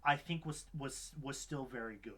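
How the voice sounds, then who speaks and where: A young man co-hosting a podcast, chatting casually about a film, rambling with many restarts and sudden animated outbursts. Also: medium pitch, moderate pace. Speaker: podcast co-host. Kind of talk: casual film review chat.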